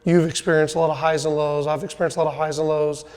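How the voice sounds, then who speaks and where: Middle-aged man, podcast host, coaching tone, slightly high voice, reverberant room. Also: level tone, quick pace, a little mellow. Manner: coaching, fond of "right?" and "you know". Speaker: podcast host, sales team leader. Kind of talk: casual podcast interview.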